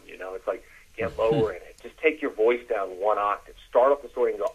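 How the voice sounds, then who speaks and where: A man coaching listeners on a podcast, dropping his voice low to demonstrate as he explains. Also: fairly quick, a bit bright, slightly rough, lo-fi sound. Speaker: dating coach. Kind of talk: instructional podcast talk.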